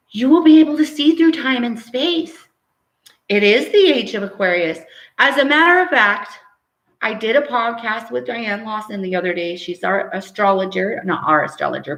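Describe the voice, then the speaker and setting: A woman who works as a medium, hosting a live stream, reading out viewer comments and preaching in an animated way that keeps ending on "right?". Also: on the high side, echoey room, low-quality recording.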